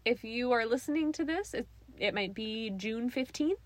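A woman's voice: fairly high pitch, animated, normal speed. A woman co-hosting a podcast in casual chat, agreeable and chatty. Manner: agreeable, chatty, lots of yeahs. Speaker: podcast co-host.

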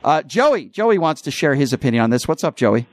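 A man's voice: on the high side, big pitch swings, brisk, no room sound. A man hosting a talk radio show, delivering an emphatic, opinionated monologue and repeating his points for emphasis.

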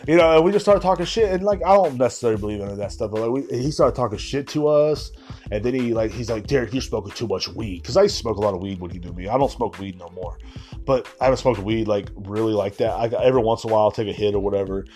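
A man's voice: lowish voice, fast, darkish tone, faint music behind. A man hosting a podcast, rambling through a casual, profane solo rant. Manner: rambling, profane, laid-back. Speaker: podcast host.

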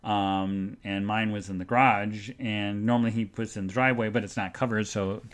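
A man's voice: on the low side, steady tone, normal speed. Rambling chatty male podcast host. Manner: rambling, chatty, reads out listener chat comments; jokingly sarcastic when promoting the show. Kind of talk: casual rambling live-show chat.

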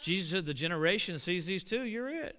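High bright-voiced preacher in an echoing hall. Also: male voice, fairly quick. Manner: animated, building to shouts. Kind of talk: sermon. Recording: long reverb of a hall.

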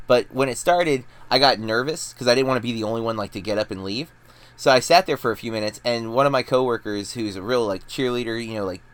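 A man's voice: medium pitch, fast talker, a bit bright, clear, resonant tone. A man in his thirties, a podcast co-host telling rambling, self-deprecating stories in casual chat.

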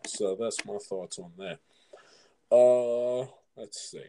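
Mellow-voiced man hosting sports talk. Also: fairly low pitch, slow, a little hiss or hum. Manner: loose, repeats words while asking questions. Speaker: podcast host.

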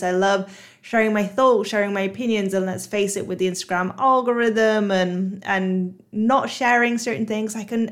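A woman with a Bristol accent, hosting her own podcast as a hypnotherapist and coach, talking casually with many fillers. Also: mid-range voice. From Bristol, England. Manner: chatty, frequent "you know" and "like" fillers. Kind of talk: solo podcast monologue.

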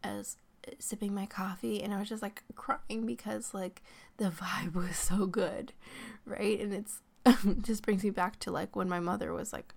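A woman's voice: medium pitch, steady tone, normal speed, creaky, darkish tone. A woman hosting her own podcast, talking casually, laughing often and saying "like" a lot. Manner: chatty, laughs often, peppers speech with "like". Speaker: podcast host. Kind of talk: casual solo podcast talk.

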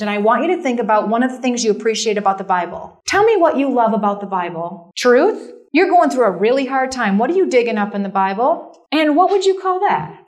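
High-pitched woman speaker, middle-aged, casual sermon, informal and self-mocking. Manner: chatty, self-deprecating, lots of "like" and "right?". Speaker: camp meeting speaker. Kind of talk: conversational sermon.

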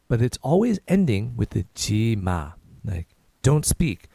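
A man hosts a casual podcast language lesson, his tone warm and mellow and his pitch swinging lively up and down. He repeats each short phrase slowly, then faster. The sound is close and dry, with no room echo. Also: creaky. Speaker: podcast host and Korean teacher.

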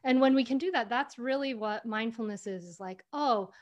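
A woman author in an interview, telling personal stories in a lively way, with many fillers and restarts. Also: fairly high pitch, brisk, dull audio. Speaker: author, guest. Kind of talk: conversational interview.

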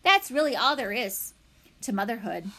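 A blunt old goose speaks in a brisk, scolding squawk that is animated and bright. A woman reads her in a storybook. She is no-nonsense and sure of herself, a practical elder of the pond. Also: on the high side, heavily acted.

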